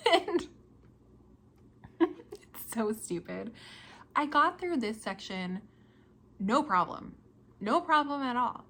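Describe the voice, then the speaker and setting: A woman's voice: medium pitch, fairly bright tone, slight background noise. A young woman hosting a casual podcast, chatting about her projects in a chatty, self-deprecating way and laughing often. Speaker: podcast host.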